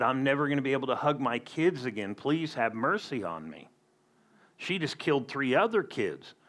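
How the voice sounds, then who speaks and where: A man's voice: mid-range voice, a bit bright. A man preaching a sermon as a pastor, emphatic with conversational asides.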